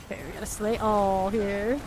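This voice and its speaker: A woman's voice: medium pitch, flat delivery, normal speed, noisy background. A woman streamer chatting casually while playing a game live, rambling and laughing often.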